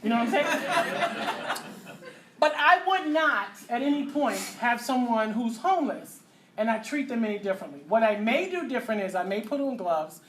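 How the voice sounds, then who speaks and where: A middle-aged woman teaching a classroom full of students, her voice sitting a little on the high side. She talks in an animated, joking way and slips into little acted-out voices. A faint hiss of background noise stays under her. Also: moderate pace. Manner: animated, acts out voices and asides, laughs often. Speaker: physical therapy instructor. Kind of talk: classroom lecture.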